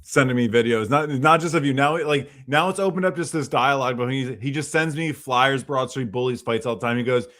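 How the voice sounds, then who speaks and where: A man's voice: medium pitch, brisk, hardly any pauses, a bit bright. A man hosting a casual live stream, chatting eagerly and laughing often. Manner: enthusiastic, laughs often, says dude. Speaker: host.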